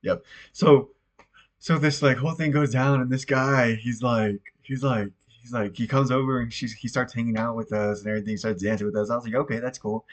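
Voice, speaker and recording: A man's voice: mid-range voice, fairly even intonation, fairly quick. A young man hosting a podcast, telling a story in a rambling, profane, casual way with plenty of fillers. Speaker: podcast host.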